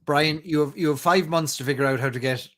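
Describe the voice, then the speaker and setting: A man's voice: fairly high pitch, fast talker, a bit bright. A man in late-night casual chat, enthusiastic and repeating his points for emphasis. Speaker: co-host.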